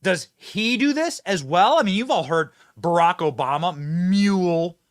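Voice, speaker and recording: A man's voice: high-pitched, animated, measured pace. A male host giving mocking, sarcastic political commentary.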